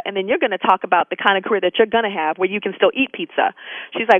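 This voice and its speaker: A middle-aged woman speaking as an interview guest over a tinny phone line. She tells stories with lively delivery, acting out the voices of the people in them. The sound is dry and close. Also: medium pitch, brisk, dry recording. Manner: animated storyteller, acts out quoted voices. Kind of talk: casual interview storytelling.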